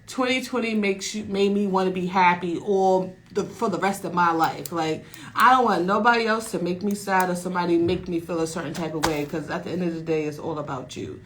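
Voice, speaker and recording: A young woman hosting a casual radio talk show, loud and slangy with hype shout-outs. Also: fairly low pitch, fairly quick, a little hiss or hum, poor audio.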